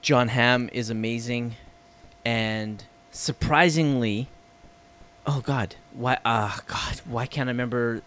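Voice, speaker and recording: A man co-hosting a podcast in casual chat, enthusiastic, swearing freely and trailing off as he gets excited. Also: medium pitch, takes it slowly. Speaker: podcast co-host.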